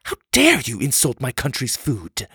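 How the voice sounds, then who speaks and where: A man's voice: mid-range voice, sing-song, normal speed, husky, no room sound, clean studio sound, pitched above the performer's own voice. A man voicing a serious young female temple guardian in a children's story, with formal, clipped and urgent speech. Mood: irritated. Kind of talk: storybook character reading.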